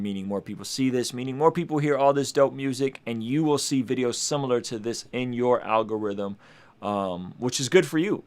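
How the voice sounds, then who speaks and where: A man hosting a casual music review stream, talking in a hyped, slangy way to his chat. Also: mid-range voice. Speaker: music reviewer and show host. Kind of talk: casual livestream commentary. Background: hip hop beats playing.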